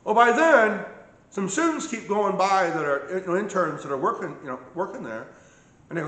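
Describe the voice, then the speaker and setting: Emphatic high-voiced man in an echoey room. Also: animated, moderate pace, fairly bright tone. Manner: emphatic, keeps checking in with "okay?". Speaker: patient recounting his medical ordeal. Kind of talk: casual personal account.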